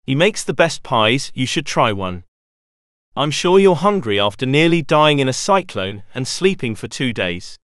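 A man's voice: medium pitch, sing-song, fairly bright tone, clear, resonant tone, no room sound, studio quality. A man voicing a short, boastful male pirate rat in a storybook. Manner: boastful, drawn-out.

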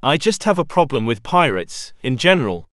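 A man voicing a timid young male rat in a storybook who stammers and squeaks. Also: very animated, normal speed, a bit bright, dry recording, studio quality. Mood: nervous.

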